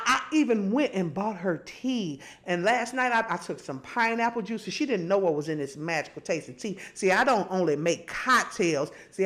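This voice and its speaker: A middle-aged woman, hosting and telling stories in casual, animated chat. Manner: animated storytelling, swings high and low. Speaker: host.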